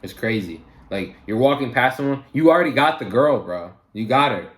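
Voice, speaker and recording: A young man in a roomy, echoey space talks through a painful story at a middle pitch. He is casual and heated, with lots of "like" and "um" and plenty of swearing. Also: animated, brisk, faint music behind. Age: young adult. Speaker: vlogger. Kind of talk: storytime vlog.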